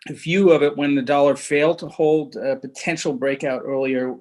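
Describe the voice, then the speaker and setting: A man speaking as a guest market analyst over a video call, talking in halting bursts with many fillers and restarts. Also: on the high side, steady tone, a little mellow, rough recording. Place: Munich, remote.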